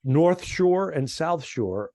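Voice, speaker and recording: A man's voice: fairly high pitch, expressive, slow, dark tone, no room sound. Rambling man co-hosting a podcast, dry sound. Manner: rambling, digressive storytelling. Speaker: podcast co-host. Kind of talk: casual comedy podcast chat.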